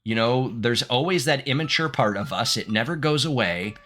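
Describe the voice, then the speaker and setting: A man in his thirties doing let's play commentary, reading game text aloud, animated and candid, laughing often. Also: mid-range voice, normal speed, soft background music. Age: 30s. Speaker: gaming streamer.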